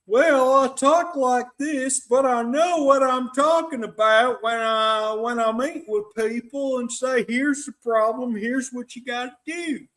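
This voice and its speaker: A man putting on a folksy older Southern man with a Southern US accent, in a high, drawling voice. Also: measured pace, hardly any pauses, a bit bright.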